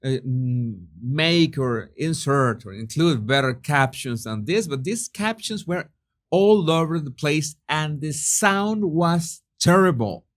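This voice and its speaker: A man's voice: fairly high pitch, animated, slow pace. A man giving a sarcastic, profane commentary monologue, often restarting his sentences. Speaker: commentary channel host.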